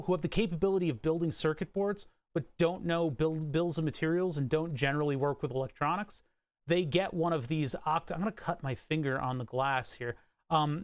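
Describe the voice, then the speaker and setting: A man's voice: fairly high pitch, no echo. A man streaming live, rambling about electronics in casual, profane chat with frequent restarts and hiccups. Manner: rambling, profane, self-interrupting.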